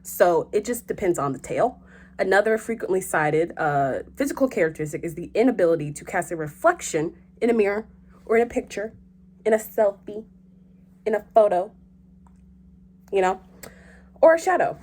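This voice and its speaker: A young woman hosting a vlog in casual chat, animated and joking, with frequent swearing. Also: mid-range voice, normal speed, pauses often. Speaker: host.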